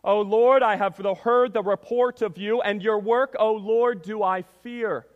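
A man's voice: sits high, steady tone, measured pace, narrow, tinny audio. A man preaching a sermon as pastor, reading scripture and praying, with an emphatic delivery that often calls the listeners church. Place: church sanctuary. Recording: long reverb of a church hall.

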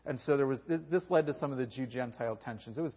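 A man preaching a sermon, telling the story with animated energy and acting out the people he quotes. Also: mid-range voice, quick pace, breathy edge. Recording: dull recording with long hall reverb.

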